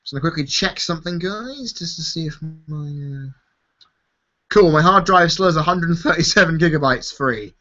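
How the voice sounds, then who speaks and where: Tired dude doing a live q&a, kinda high bright voice, swears a lot, muffled stream sound. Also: male voice, normal speed. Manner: casual, swears freely, laughs often. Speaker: YouTube host answering viewer questions. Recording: dull lo-fi stream audio.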